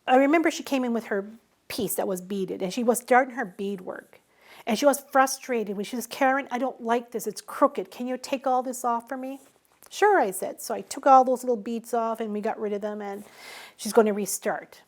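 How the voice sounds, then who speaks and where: A middle-aged woman in a conversational interview, telling stories and acting out the dialogue she quotes. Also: fairly high pitch. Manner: animated, acts out quoted dialogue. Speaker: interviewee, small business owner.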